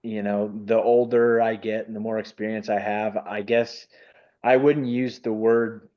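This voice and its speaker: A man's voice: fairly low pitch, level tone, unhurried, highs cut off. A man who stutters, speaking as a webinar panelist in a casual panel discussion over a video call. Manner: stutters, with repeated sounds and restarts.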